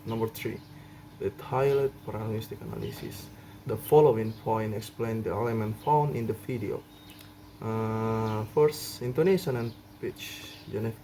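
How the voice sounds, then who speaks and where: A man's voice: medium pitch, mellow, a little hiss or hum, poor audio. Young student man presenting a report. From Indonesia. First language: Indonesian. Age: young adult. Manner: reads a prepared report point by point with pauses and restarts. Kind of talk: class presentation.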